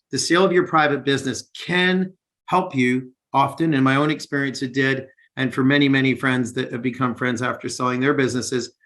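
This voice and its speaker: A man's voice: medium pitch, a bit bright. Earnest man presenting on a webinar call. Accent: non-British. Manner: earnest, many fillers and restarts. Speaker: investment banker presenting.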